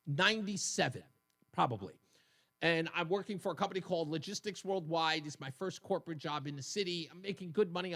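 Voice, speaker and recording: A man in his fifties hosting a talk radio show, telling a story in an animated way and laughing at his own jokes. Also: on the high side. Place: radio studio.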